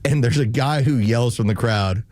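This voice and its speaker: A man's voice: medium pitch, normal speed, darkish tone, dry recording. A man co-hosting a morning radio show, telling stories in casual banter and acting out the quotes. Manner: storytelling, acts out quotes. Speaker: radio co-host. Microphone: studio mic.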